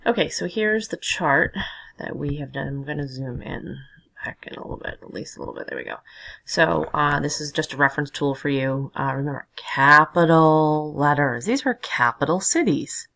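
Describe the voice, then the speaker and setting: A woman's voice: low voice, expressive, a little fast, creaky, a bit bright, poor audio. A woman teacher explaining a lesson patiently, talking as she draws and labels. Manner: patient, explanatory, talks while drawing. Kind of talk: recorded classroom lesson.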